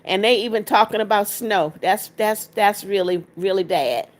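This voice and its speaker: A woman's voice: medium pitch, normal speed. A woman hosting a casual livestream, greeting viewers by name, reading their comments aloud and coaxing them to tap likes. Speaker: livestream host.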